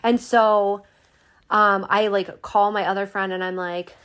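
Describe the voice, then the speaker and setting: A woman's voice: mid-range voice, steady tone, measured pace, fairly bright tone, clean tone. A young woman hosting a podcast, telling a story in a casual, chatty way, swearing freely and full of "like" fillers. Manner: chatty, swears freely, many "like" fillers, acts out quoted voices. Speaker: podcast host.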